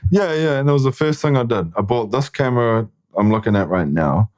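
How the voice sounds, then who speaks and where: A man's voice: mid-range voice, expressive, brisk, a little mellow. A man who is a filmmaker and actor, chatting frankly and reflectively as a podcast guest, swearing often. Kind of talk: casual chat.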